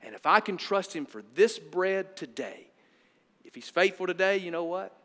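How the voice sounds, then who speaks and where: Middle-aged male pastor, bright, slightly high voice, punchy preaching, long hall reverb. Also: moderate pace. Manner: emphatic preaching with swings from loud to hushed. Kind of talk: sermon.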